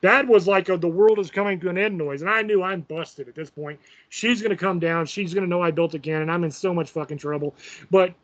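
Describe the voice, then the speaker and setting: A man's voice: sits high, a little fast, lo-fi sound. A man casually telling a profane, self-mocking story as host of his own show.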